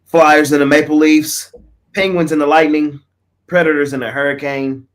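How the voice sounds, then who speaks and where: A man hosting a sports betting picks show, talking in a casual, slangy way that often trails off quietly. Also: fairly high pitch, little pitch movement, moderate pace.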